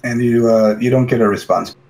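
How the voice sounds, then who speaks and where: A man running a tabletop game as game master, narrating with relaxed, halting phrasing. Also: medium pitch, creaky.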